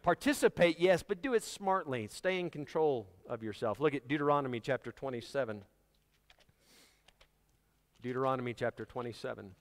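A man's voice: mid-range voice, animated, moderate pace. A man preaching a sermon to his congregation, talking in a conversational, joking way. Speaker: pastor. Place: church sanctuary. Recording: church hall reverb.

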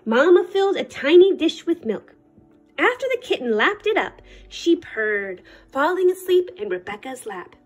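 A woman librarian reading a children's picture book aloud in an expressive, sing-song way. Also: high-pitched, normal speed, faint music behind. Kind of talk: storybook read-aloud.

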